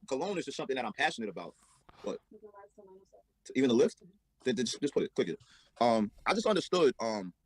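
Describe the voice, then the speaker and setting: A man's voice: medium pitch, dry recording, rough recording. A man being interviewed as a rapper, laid-back and casual, often repeating words.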